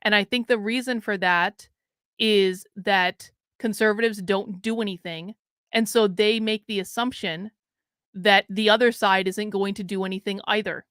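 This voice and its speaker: A woman's voice: mid-range voice, steady tone, normal speed, fairly bright tone, clean tone, no room sound, clean studio sound. A woman hosting a casual political commentary livestream, talking frankly and bluntly to her chat and swearing now and then. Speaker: livestream host.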